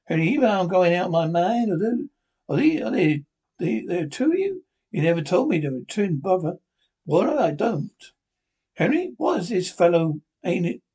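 A man's voice: sits high, very animated, normal speed, darkish tone, slightly rough, heavily acted. A man playing a doubtful middle-aged friend in a 1950s radio drama, with a skeptical, questioning manner. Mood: incredulous.

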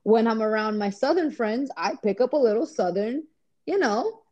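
A woman's voice: fairly high pitch, lively intonation, moderate pace, darkish tone, dull audio. A woman from Rhode Island, a podcast guest in casual chat, talking in an enthusiastic, rambling way with lots of "like.". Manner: chatty, filler-heavy, enthusiastic.

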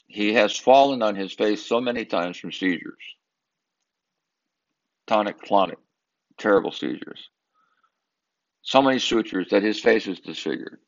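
A man's voice: sits low, gravelly, dull audio. An older man from Southern California telling a personal family story in an earnest, emphatic way, sometimes repeating himself as he searches for words. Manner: earnest, emphatic, with halting repetitions.

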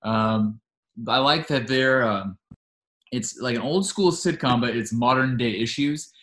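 A man's voice: medium pitch, a little slow, a bit bright. A man hosting a podcast, talking in a casual, chatty way and eagerly retelling scenes at length. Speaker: podcast host.

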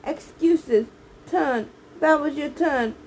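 A woman reading aloud, voicing a blind, bickering old hag who drives a taxi, shrill and quarrelsome. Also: takes it slowly, a little hiss or hum, poor audio.

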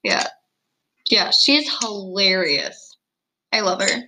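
A girl in her early teens co-hosting a casual video-call chat, giggly, chatty and quick to laugh at herself. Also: mid-range voice, big pitch swings, bright, forceful tone, poor audio. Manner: giggly, chatty, self-deprecating. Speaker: co-host. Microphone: computer mic on video call.

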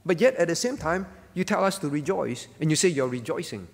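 A man's voice: on the high side, lively intonation, a little fast, gravelly, long reverb tail. A male pastor giving a conversational sermon at a prayer meeting, often checking in with the congregation by asking "all right?". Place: church hall.

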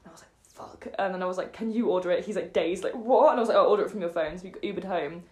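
A young woman co-hosting a podcast, telling a night-out story in an animated way, acting out the people she quotes. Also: fairly low pitch, very fast. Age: young adult. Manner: animated storyteller, acts out quoted voices, many fillers. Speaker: podcast co-host. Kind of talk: casual storytelling chat. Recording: echoey room.

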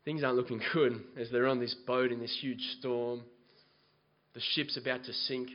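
A man preaching a sermon, moving from quiet scripture reading to loud, impassioned exhortation. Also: mid-range voice, steady tone, moderate pace, muffled recording. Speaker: pastor.

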